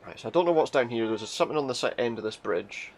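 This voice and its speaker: A man's voice: medium pitch, expressive, fast talker, slight background noise. A man hosting a let's play, joking casually and reading game dialogue aloud. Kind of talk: casual gameplay commentary.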